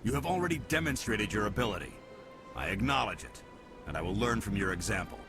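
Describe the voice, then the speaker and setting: A man's voice: fairly low pitch, big pitch swings, quick pace. A man voicing a proud, stern male alien security officer who talks in a curt, haughty way, with game music behind. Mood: grudging.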